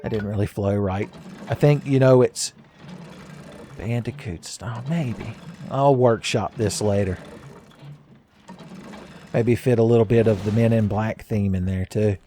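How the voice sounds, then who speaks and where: A man giving casual, joking commentary while playing a game, his voice a little raspy today and often breaking into laughs at his own asides. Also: lowish voice, steady tone, moderate pace, pauses often, mellow, slight background noise. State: slightly raspy voice. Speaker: gaming commentator. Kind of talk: casual let's-play commentary.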